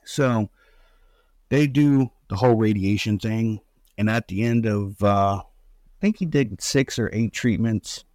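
A man's voice: fairly low pitch, takes it slowly, a little mellow, dry recording. A middle-aged man telling a painful family story in an interview, rambling with restarts and fillers while holding back tears. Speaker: guest, bereaved father. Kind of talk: emotional personal storytelling in an interview.

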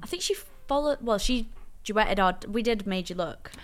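A woman's voice: mid-range voice, lively intonation, moderate pace, a crowd in the background. A young British woman in her twenties, a podcast guest telling stories animatedly and quoting herself often. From Britain. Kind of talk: casual chat.

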